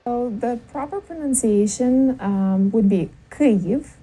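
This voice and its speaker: A woman giving pronunciation instruction in a measured, explanatory way, with frequent ums. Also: mid-range voice, dark tone, husky, poor audio. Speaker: pronunciation guide.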